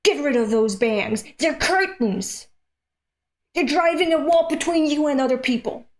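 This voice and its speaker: A woman from Europe streaming a manga read-along, reacting aloud with animated, profane rants. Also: sits high, a little slow. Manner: animated, swears freely, rants at the page.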